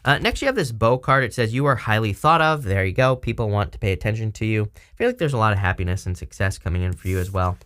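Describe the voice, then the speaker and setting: A man's voice: lowish voice, fast talker, few pauses, fairly bright tone. A man giving a casual tarot reading, rambling and chatty with lots of fillers. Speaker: tarot reader.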